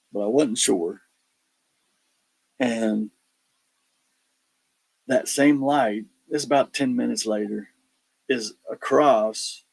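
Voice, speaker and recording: A man telling his paranormal investigation stories in casual chat, animated and acting out the quotes. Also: mid-range voice, creaky, slightly rough, rough recording. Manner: animated storyteller, acts out quotes, laughs between lines. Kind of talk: casual storytelling on a podcast.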